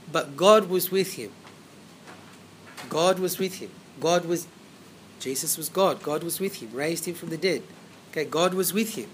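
A man's voice: a little high, slight background noise. A man preaching a Bible sermon, emphatic, repeating phrases and asking rhetorical questions.

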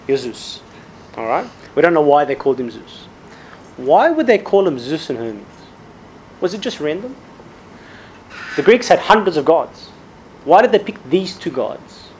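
Male preacher, fairly high voice, lively storyteller who acts out the quotes and keeps asking "okay?", faint hiss behind him. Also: rough recording. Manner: storytelling, acts out quotes, frequent "all right?" and "okay?" checks. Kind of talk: sermon.

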